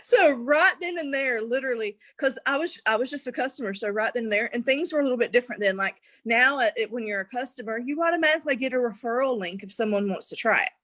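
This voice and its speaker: Young adult woman, animated storyteller, bright upper pitch, dry close mic. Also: quick pace, hardly any pauses, no echo. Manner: animated, acts out quotes, laughs often. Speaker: guest. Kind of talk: casual storytelling.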